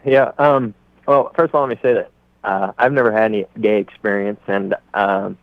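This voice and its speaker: A man in his twenties calling a radio show, speaking in a halting, hesitant, quiet way. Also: lowish voice, fairly even intonation, no echo. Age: 20s. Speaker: caller. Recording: tinny phone line.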